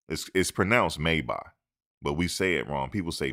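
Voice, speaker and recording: A man's voice: a bass voice, normal speed. A man giving opinionated sports talk into a close mic, emphatic and repetitive, lecturing his listeners. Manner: animated, emphatic, repeats points, lectures listeners. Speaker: sports commentator. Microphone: close microphone.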